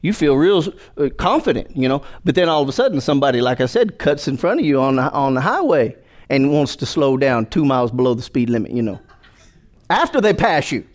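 A man's voice: medium pitch, very animated, brisk. A male pastor preaching a sermon, joking with the congregation and calling for responses.

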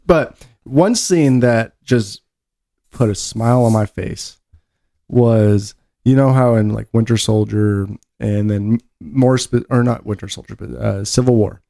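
A man co-hosting a casual podcast chat, loud and pushy when joking around. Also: lowish voice, slow pace, vocal fry, no echo, clean studio sound. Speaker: podcast co-host.

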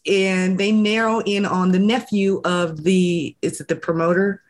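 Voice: mid-range voice, flat delivery, a little slow. A speaker on a casual podcast, chattily recapping a TV episode with fillers and restarts. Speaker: podcast co-host or guest.

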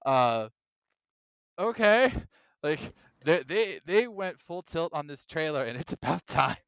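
Bright, excitable man on a podcast. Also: fairly high pitch, slow pace, gravelly, smooth, no echo. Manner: excitable, acts out reactions in quoted voices. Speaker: podcast co-host. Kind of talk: casual chat.

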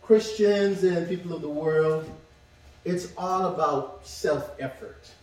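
A male preacher reads scripture and teaches at a slow, deliberate pace, with pauses between phrases. His voice sits a little high. The room is very echoey, and the microphone is some way from him. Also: a little mellow, soft background music. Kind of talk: sermon with scripture reading. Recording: echoey room, mic far off.

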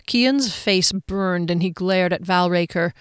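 A woman narrating a fantasy novel aloud with an expressive, dramatic reading. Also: lowish voice, measured pace, smooth, no echo, clean studio sound. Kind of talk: audiobook narration.

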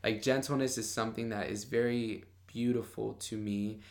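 A young Bible study podcaster talks faith in a casual, bold and passionate way, his speech full of "like." His voice is fairly low and gravelly, holding a steady tone at normal speed, in casual devotional podcast talk.

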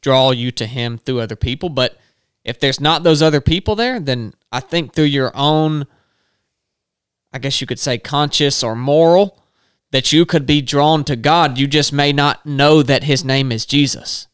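A man's voice: mid-range voice, a little slow, a bit bright, clear, resonant tone, no room sound, studio quality. A man in a casual faith discussion, thinking aloud and quoting scripture as he reasons.

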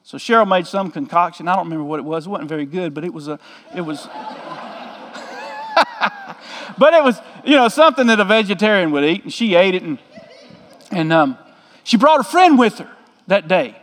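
High-voiced man preaching in a hall. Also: wildly swooping pitch, moderate pace, long pauses, a bit bright. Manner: folksy, joking storyteller. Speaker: pastor. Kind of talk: storytelling sermon.

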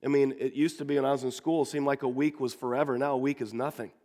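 A man's voice: mid-range voice, fairly even intonation, fast, a little mellow, big-room sound. A man preaching a sermon to his congregation as their pastor, earnest and repeating words as he builds his points. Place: church sanctuary.

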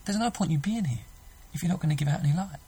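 A man's voice: a little high, lively intonation, rapid-fire, warm tone, husky, low-quality recording. A man preaching a sermon, earnest and emphatic, often restarting his sentences.

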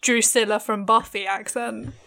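Brief: young woman podcast co-host, fairly high voice, fast chatty delivery full of fillers. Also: fairly even intonation, creaky, bright, forceful tone, a little hiss or hum. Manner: chatty, many "like" fillers, quick asides. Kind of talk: casual chat.

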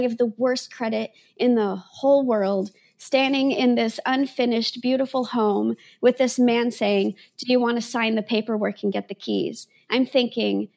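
A woman's voice: fairly high pitch, gravelly, darkish tone. A woman guest on a podcast, earnestly telling a personal story in a rambling way, restarting her sentences and laughing at herself.

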